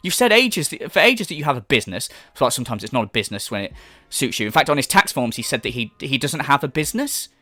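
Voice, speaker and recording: Sarcastic man ranting with a lively pitch. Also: fast, dry recording. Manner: profane, sarcastic, mocking. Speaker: commentary channel host. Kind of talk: angry commentary rant.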